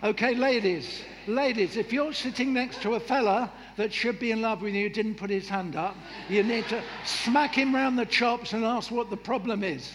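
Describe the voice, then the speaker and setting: A man preaching a sermon in a lively, humorous way, acting out voices and jokes. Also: sits high, moderate pace, hardly any pauses. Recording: echoey hall with faint noise.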